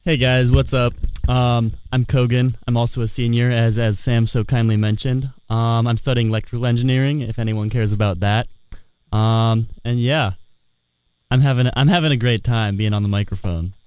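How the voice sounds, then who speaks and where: A man in his twenties co-hosting a student radio show, talking in a wry, low-key way. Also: steady tone, moderate pace, darkish tone, clean tone, dry recording. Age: 20s. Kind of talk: casual chat.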